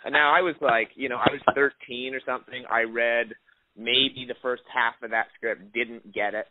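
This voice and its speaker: Over a dry, tinny phone line, a young man who acts fields interview questions, rambling loosely and restarting many times. He speaks at normal speed in a medium pitch with a flat delivery.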